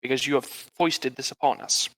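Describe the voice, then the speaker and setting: Guy doing a formal cursed caster, clipped and stiff, bright edgy voice. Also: medium pitch, fairly even intonation, moderate pace, close to an everyday voice, low-quality recording. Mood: indignant. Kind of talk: live tabletop role-play.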